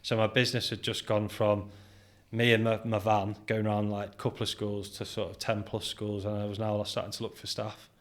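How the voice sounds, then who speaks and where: Low-voiced British man telling stories. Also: brisk. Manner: animated anecdote-telling, acts out quoted dialogue, laughs often. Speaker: podcast guest, business founder. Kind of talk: casual interview storytelling.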